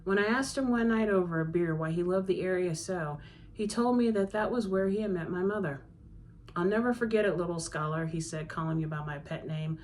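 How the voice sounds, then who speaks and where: A woman reads her own novel aloud in a fairly low voice. Her first-person narration is conversational and steady, with a faint background hiss. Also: fairly quick. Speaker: author reading her novel. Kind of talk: audiobook-style reading.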